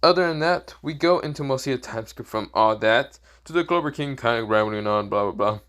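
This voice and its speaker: A man's voice: mid-range voice, animated, a little fast, fairly bright tone. A man casually telling a fan story off the cuff, rambling and leaning on the same filler phrases. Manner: rambling, repeats fillers like "this is where, well, mostly".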